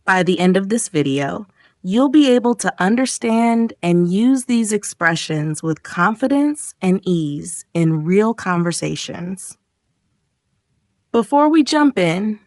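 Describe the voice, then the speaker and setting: A woman's voice: medium pitch, no echo. A woman teaching English in a scripted lesson, her voice swinging up and down as she acts out example reactions. The sound is dry and close, with no room around it.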